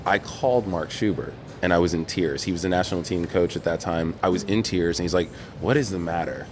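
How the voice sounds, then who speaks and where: A man with a very low, deep voice tells stories in a relaxed interview. He brings the story to life by voicing the other people in it. A faint rumble sits under the recording. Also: brisk. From New York. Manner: animated storyteller, quotes others in dialogue, laughs often. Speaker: podcast guest, former Olympic swimmer.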